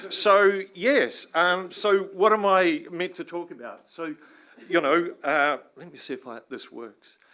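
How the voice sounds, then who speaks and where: A man's voice: high voice, unhurried. Joking Australian-accented man giving a talk. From New Zealand. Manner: joking, informal, swears mildly, bursts into laughing loud asides. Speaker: guest speaker, river science professor. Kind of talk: conference talk. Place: large conference room.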